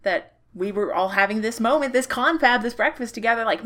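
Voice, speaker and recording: A woman's voice: on the high side, fairly quick, fairly bright tone. A woman co-hosting a podcast, chatting enthusiastically about a convention with many fillers. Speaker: podcast co-host. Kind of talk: casual chat recapping a convention.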